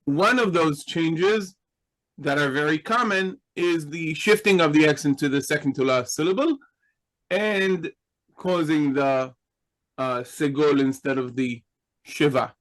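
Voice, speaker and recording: A man's voice: on the high side, a little slow, a bit bright, low-quality recording. A man teaching a class in a patient, explanatory way, asking his students questions. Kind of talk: slow, deliberate Hebrew grammar lesson.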